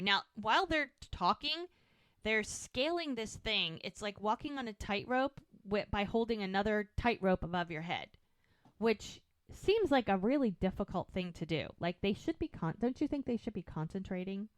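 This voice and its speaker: A woman with a medium-pitched voice, recorded dry, co-hosts a podcast and casually recaps an episode. She retells it with animation, acting out the characters' lines in quick quotes.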